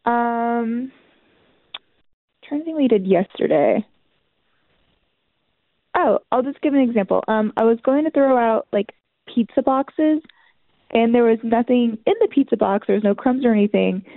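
A woman calling into a radio show as the host's wife, exasperated and quick to give examples. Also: on the high side, no echo. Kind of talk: phone call on air. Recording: tinny phone line.

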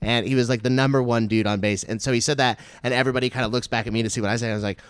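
A man in his stand-up comic's element, spinning a profane anecdote with constant "like" fillers. His pitch sits mid-range, and the close mic gives a dry, unroomy sound. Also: rapid-fire, smooth, no room sound. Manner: animated, swearing, lots of "like" fillers. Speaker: stand-up comedian. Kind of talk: casual storytelling chat.

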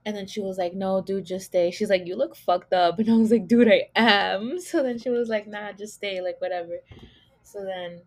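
A woman's voice: mid-range voice, fairly even intonation, a little fast, warm tone. A young woman hosting her own podcast, rambling through a casual story with lots of filler words and swearing. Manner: rambling, heavy use of "like", swearing, laughing at herself. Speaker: podcast host.

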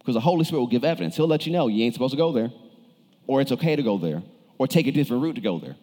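A man's voice: mid-range voice, lively intonation, racing, warm tone, in a large hall. A male pastor preaching a sermon, turning to the congregation with questions and cues. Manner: preaches with shifting emphasis, calls on the congregation.

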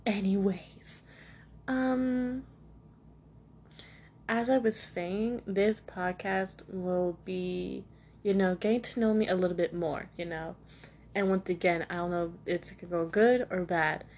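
A woman's voice: medium pitch, steady tone, measured pace, darkish tone. Young woman rambling on her own podcast at home, lots of "like" and "you know", a bit of hiss behind her. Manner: rambling, self-deprecating, heavy on fillers. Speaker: podcast host. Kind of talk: casual solo chat. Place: at home next to a cat.

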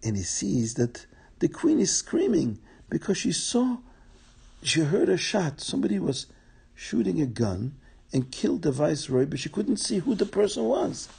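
A man telling a folk tale aloud, plain and repetitive, pausing to explain words to his listeners. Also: fairly high pitch, sing-song, creaky, a little mellow, breathy edge. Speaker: storyteller. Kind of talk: oral folk tale storytelling.

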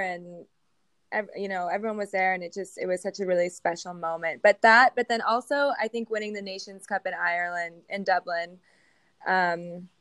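With a fairly low voice on a dry recording, a young woman from the US who rides show jumping answers interview questions as a guest. Her manner is casual and hesitant, peppered with fillers and small laughs.

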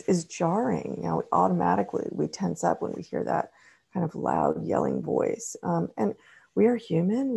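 A middle-aged woman therapist and author, answering interview questions in a measured, explanatory way with frequent ums. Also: fairly low pitch, creaky, mellow, husky.

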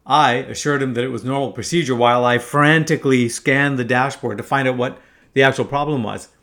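A man's voice: medium pitch, fairly bright tone. A man in his fifties from Canada, telling a first-person story in a wry, casual way, swearing freely. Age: 50s.

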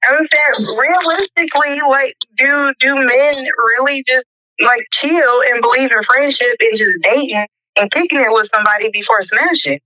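A woman's voice: high-pitched, moderate pace, sharp tone, low-quality recording. A woman asking the group direct questions in a casual chat.

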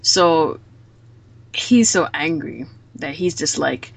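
A woman hosting a casual podcast, retelling scenes quickly and with animation. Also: low-pitched, expressive, gravelly, a little hiss or hum. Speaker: podcast host.

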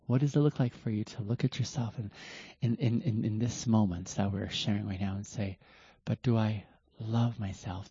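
A man hosts a reflective talk in a slow, earnest way, often stopping to restart a thought. His voice is mellow and a little husky. The sound is dry and dull, like a lo-fi recording. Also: on the low side, dry recording. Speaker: host of a self-reflection talk.

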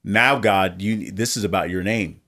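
Low-voiced pastor guy, earnest, fills in details, casual chat. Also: moderate pace, sharp tone. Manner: earnest, adds details, prayerful. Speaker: pastor, co-host.

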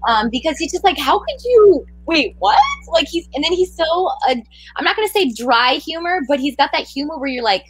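A woman co-hosting a live poetry podcast, chatting in an animated, playful way with frequent swearing. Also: sits high, moderate pace, no room sound, low-quality recording. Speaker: podcast co-host. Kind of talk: casual live podcast chat and poetry reading.

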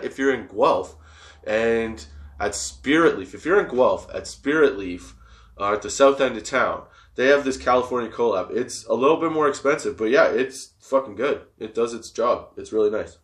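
With a mid-range voice and lively intonation, the young man hosting this podcast talks fairly quickly and barely pauses. His stoner-style monologue is casual and rambling, packed with laughter and swearing.

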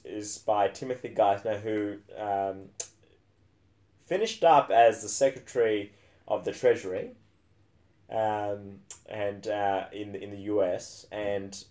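A man's voice: on the low side, a little mellow. A man co-hosting a casual book podcast, talking with frequent fillers and restarts and a dry, sarcastic edge. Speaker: podcast co-host.

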